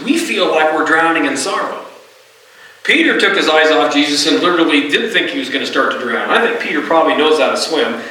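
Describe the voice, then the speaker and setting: A middle-aged pastor delivers a sermon from the pulpit, speaking directly and conversationally to his congregation and often asking them "right?" His voice is very bright and slightly high, picked up by a distant mic in a strongly echoing sanctuary.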